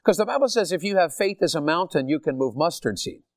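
Talking fast in a slightly high voice, an older Tennessee pastor with a Southern accent preaches animatedly and asks his congregation questions. The sound is dry and studio-clean.

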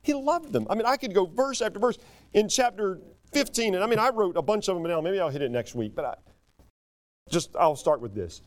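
Preacher man, pitch jumping all over, fairly high voice, keeps breaking off and starting over. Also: fairly quick. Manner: emphatic, animated, breaks off and restarts sentences. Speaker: pastor. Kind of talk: sermon.

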